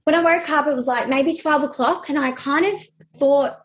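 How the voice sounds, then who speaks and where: Young woman, slightly high voice, interviewee; halting, hesitant storytelling with lots of fillers. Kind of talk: personal storytelling.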